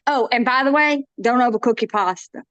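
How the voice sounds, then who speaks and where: A woman's voice: a little high, a little fast, a bit bright, no room sound, muffled recording. Chatty woman cooking. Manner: chatty, folksy, self-interrupting. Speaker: cooking demo guest. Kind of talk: casual cooking demonstration.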